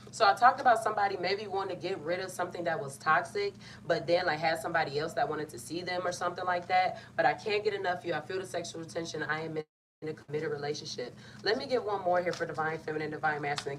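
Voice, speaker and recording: A woman's voice: on the low side, a bit bright. A young woman giving a casual, playful tarot reading, talking in a loose colloquial way and often cutting herself off. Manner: chatty, colloquial, playful and self-interrupting. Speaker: tarot reader. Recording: slightly distant mic, faint background noise.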